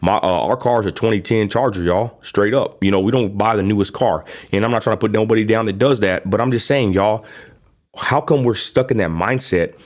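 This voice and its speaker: Livestream host, 30s man, West Texas accent, blunt rambling talker, fairly low voice. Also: a little fast. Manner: rambling and blunt, lots of fillers. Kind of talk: casual livestream rant.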